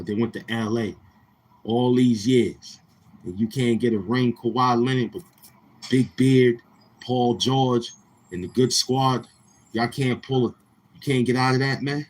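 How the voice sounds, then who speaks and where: A man's voice: medium pitch, husky, rough recording. A man hosting a casual livestream, talking in brash, heckling, slang-heavy banter. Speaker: live-stream host.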